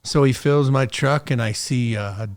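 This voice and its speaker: A man's voice: medium pitch, unhurried, no room sound, studio quality. A middle-aged man from the United States, a podcast guest telling war stories in a casual, profane, rambling way with many fillers. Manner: profane, laid-back storytelling with lots of fillers. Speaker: podcast guest, retired special operations soldier. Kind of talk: casual storytelling interview.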